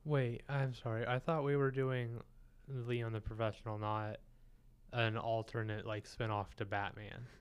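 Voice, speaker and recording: A man with a smooth, clear voice co-hosts a casual film podcast. He tells loose anecdotes and drops dry jokes. His pitch sits in an ordinary middle range. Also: flat delivery, unhurried. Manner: storytelling, joking. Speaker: podcast co-host. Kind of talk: casual chat.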